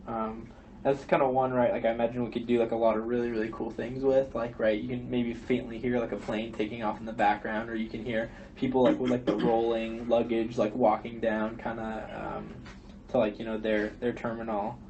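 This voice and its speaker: A man's voice: medium pitch, level tone, fairly quick, darkish tone, recorded from a distance, muffled recording, a little hiss or hum. A man rambling through ideas in a casual work meeting, full of fillers.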